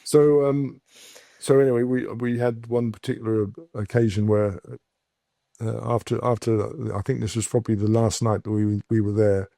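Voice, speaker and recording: English male guest, low mellow voice, dry close sound, halting storyteller. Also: fairly even intonation, vocal fry, no room sound. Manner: halting, many restarts and fillers. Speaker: podcast guest. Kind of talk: casual storytelling.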